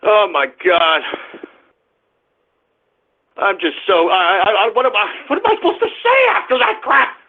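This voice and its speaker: A man hosting a radio show, ranting at callers in an exasperated, shouting manner with lots of swearing. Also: high-pitched, wildly swooping pitch, a little slow, pauses often. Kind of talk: ranting call-in radio talk. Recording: lo-fi phone-like audio.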